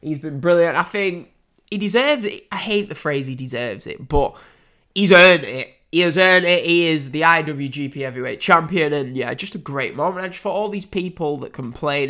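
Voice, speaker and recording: A man talking excitedly about a wrestling match, swearing freely and loudly acting out the big moments. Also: fairly high pitch, moderate pace. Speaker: wrestling commentator. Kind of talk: casual chat.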